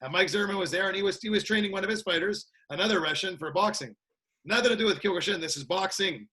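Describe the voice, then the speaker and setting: A man's voice: high voice, fast, sharp tone. A man from Canada, a martial arts trainer, chatting as a guest in an upbeat way, laughing often. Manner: upbeat, laughs a lot, repeats "that's it". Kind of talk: casual chat.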